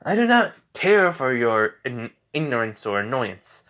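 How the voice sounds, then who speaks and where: A man's voice: mid-range voice, sing-song, a little slow, a bit bright. A man voicing a little boy who talks in a smug, theatrical demon radio-host manner, scolding loftily. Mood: haughty scolding.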